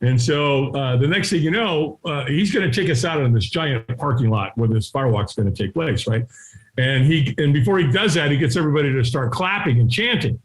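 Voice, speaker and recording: Animated middle-aged man telling a story. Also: fairly high pitch, rough recording. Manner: animated, acts out the people in his story with quick shifts of voice; punchy, often tags sentences with "right?". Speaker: podcast guest. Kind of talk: storytelling in a conversational interview.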